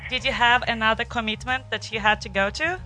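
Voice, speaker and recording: A woman's voice: a little high, steady tone, a little fast, sharp tone, soft background music. Laughing Eastern European woman radio host. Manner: laughs often, coaxing and encouraging. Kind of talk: casual radio chat with a caller. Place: radio studio.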